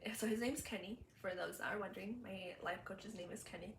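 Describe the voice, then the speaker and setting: A woman's voice: mid-range voice, steady tone, brisk, creaky. A young woman telling a personal story in a vlog, chatty with many fillers, emotional and laughing through tears. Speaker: vlogger. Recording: roomy echo, faint background hum.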